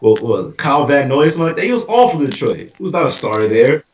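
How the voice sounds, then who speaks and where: A man co-hosting a podcast, talking sports in a casual, animated way, repeating phrases and dropping slang. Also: medium pitch, fast, recorded from a distance. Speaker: podcast co-host. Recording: echoey room, voice off-mic.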